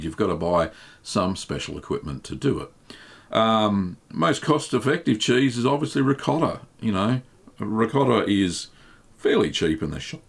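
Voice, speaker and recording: A man hosting a live stream, reading viewers' questions aloud and answering them in a relaxed, chatty way with plenty of ums. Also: on the low side, creaky, husky. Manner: relaxed and chatty, reads chat messages aloud, many um fillers. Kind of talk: casual live Q&A chat.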